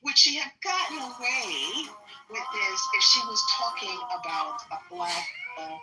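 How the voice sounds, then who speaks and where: A woman on a panel stream, asking probing questions in a halting way. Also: a little high, very animated, recorded from a distance, loud music behind the voice, low-quality recording. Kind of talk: casual panel talk.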